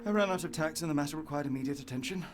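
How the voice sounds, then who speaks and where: A man's voice: a little high, very fast, music in the background, lightly acted. An actor playing a brilliant, sardonic male detective in a video game, speaking in a dry, clipped, precise manner. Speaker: game character.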